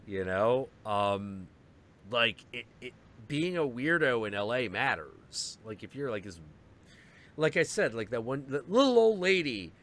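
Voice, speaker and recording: A man's voice: medium pitch, sing-song, a little slow, fairly bright tone, a little hiss or hum. A young man chatting casually on a stream, telling stories and acting out the people he quotes. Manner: storytelling, acts out quotes in voices. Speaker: stream host. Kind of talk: casual chat.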